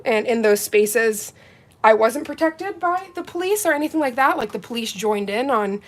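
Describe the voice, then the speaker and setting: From her home in Canada, a woman hosts a nail polish livestream, chatting casually and reading viewers' comments aloud in a warm, gushing, heartfelt way. Her voice is a little high and animated, at a moderate pace.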